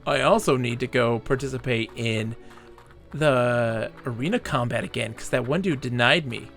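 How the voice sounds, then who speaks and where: A man's voice: mid-range voice, moderate pace, fairly bright tone. A man doing live gameplay commentary, playful and rambling, joking and laughing as he talks. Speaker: streamer. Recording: game music underneath. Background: game music.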